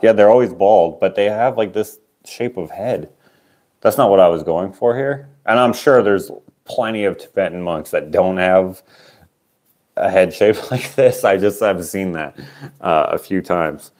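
A man's voice: low-pitched, unhurried, a little mellow. A man casually auctioning his own handmade sculptures on a livestream, rambling and self-deprecating, trailing off with fillers.

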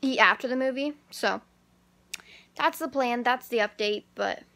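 Young Canadian woman vlogger, bubbly casual chat, raised pitch, noisy car recording. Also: a little slow. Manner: chatty, upbeat, many "like"s and "super"s. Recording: loud traffic noise behind. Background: car and street noise.

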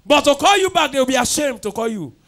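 A man's voice: extremely high pitch, lively intonation, fast talker, vocal fry, a bit bright. A man preaching a fervent sermon, leading chanted prayers with call and response in church. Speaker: pastor. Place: church at a night prayer service.

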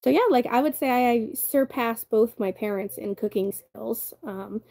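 A woman's voice: fairly high pitch, moderate pace, creaky, mellow. A young adult woman from the Southern United States, chatting casually on a livestream, reading viewer comments aloud and laughing often as she rambles. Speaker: livestream host.

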